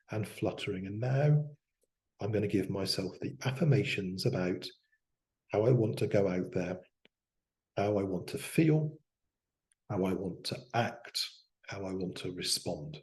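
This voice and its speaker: This low-pitched male coach walks himself through soft, slow affirmations as a spoken demonstration of self-hypnosis.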